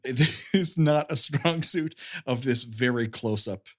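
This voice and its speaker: A man's voice: mid-range voice, a little slow. Wry man co-hosting a podcast. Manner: wry, jokey descriptions with stumbling restarts. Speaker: podcast co-host. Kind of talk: casual podcast chat.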